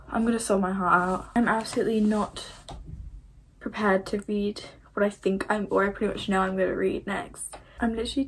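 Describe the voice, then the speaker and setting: Gushing over books in a casual vlog, a young woman gets emotional and sometimes sounds near tears. Her voice is medium in pitch, with slight background noise in the recording.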